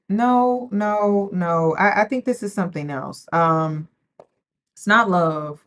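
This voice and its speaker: A woman's voice: medium pitch, takes it slowly. A woman hosting a reaction video, giving casual, sassy commentary straight to her viewers. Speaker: commentary host.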